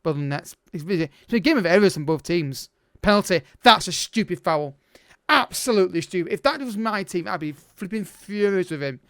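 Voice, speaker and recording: Man, let's play commentary, frustrated, smooth and resonant, dry sound. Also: high-pitched, expressive, normal speed, fairly bright tone, no room sound. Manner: exasperated, urgent, talks to the players. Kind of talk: live game commentary.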